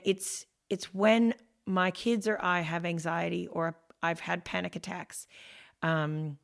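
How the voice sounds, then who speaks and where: A woman's voice: fairly low pitch, fairly bright tone, clean tone. A woman guest on a podcast talking candidly and animatedly, acting out her own inner thoughts in quoted asides. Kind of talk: candid conversational storytelling.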